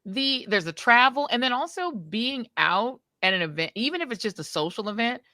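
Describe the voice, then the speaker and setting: A woman in her forties chats on a podcast with a bright, sharp tone and a lively, swinging pitch. She is tired and grumpy but tells her stories emphatically and colloquially. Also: moderate pace, no room sound, studio quality. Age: 40s. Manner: animated storyteller, emphatic, colloquial. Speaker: podcast co-host. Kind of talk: casual chat.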